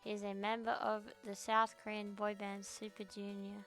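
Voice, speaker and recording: Chatting casually on her livestream, this young Australian VTuber rambles and rants with plenty of profanity from her home computer. She speaks in a monotone at a moderate pace, her mid-range voice fairly bright, over soft background music.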